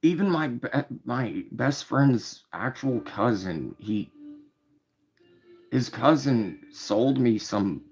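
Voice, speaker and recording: A man's voice: mid-range voice, animated, slow pace, darkish tone, breathy edge. A man streaming late at night, telling stories to his chat in a laid-back, profane way full of fillers. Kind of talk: casual late-night storytelling. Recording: dull lo-fi stream audio with faint music.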